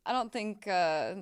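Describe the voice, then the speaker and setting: Streamer type: young woman, chatty and loose, mid-pitch, smooth clear voice, desk mic. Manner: chatty, swearing, laughing, exclamations. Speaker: game streamer. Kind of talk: casual gameplay chat.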